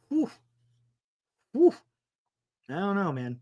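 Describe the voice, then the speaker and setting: Casual stream host, male, higher-pitched, rambling and offhand with the odd curse. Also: very animated, normal speed, long pauses, pushed and bright. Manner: rambling, thinking aloud, mild swearing. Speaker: sports talk livestream host. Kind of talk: casual livestream chat.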